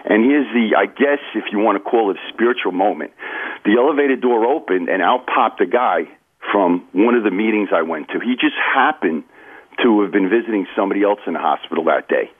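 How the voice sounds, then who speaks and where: A man's voice: lowish voice, lively intonation, fairly quick. A man, telling his recovery story in an earnest, confiding way during a radio interview. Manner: earnest, confiding, addresses host by name. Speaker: author and recovery guest. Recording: phone-line audio.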